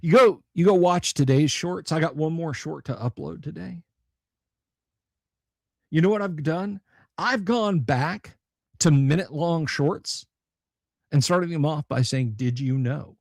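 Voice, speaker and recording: A man's voice: a little high, a little slow, vocal fry, long pauses, dry recording, clean studio sound. A man hosting a casual livestream chat for his tabletop gaming channel, blunt, sarcastic and profane.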